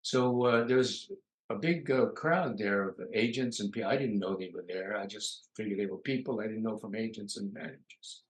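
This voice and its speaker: A man's voice: lowish voice, normal speed. An older man from New York, a guest comedian, telling long anecdotes in a casual interview, full of uh fillers. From New York, USA. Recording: roomy echo.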